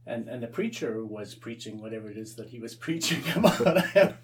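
A man's voice: mid-range voice, big pitch swings, brisk, distant mic, slight background noise. A Canadian man, an Anglican priest, telling his story as an interview guest, often repeating and restarting his words.

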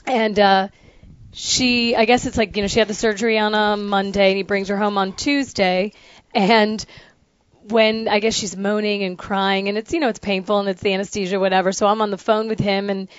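A middle-aged woman co-hosting a casual chat, telling stories with lively acted-out dialogue. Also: mid-range voice, normal speed, smooth, dry recording, muffled recording. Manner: animated storyteller who acts out phone calls.

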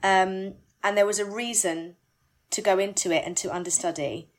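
A woman, a musical theatre actress, chatting candidly in an interview, animated and self-deprecating. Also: mid-range voice. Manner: animated, self-deprecating, rushes words when excited.

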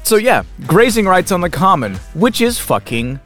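A man's voice: high voice, big pitch swings, normal speed, a bit bright, faint music behind. A man co-hosting a comedy podcast, swearing freely and laughing mid-sentence in casual chat. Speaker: podcast co-host.

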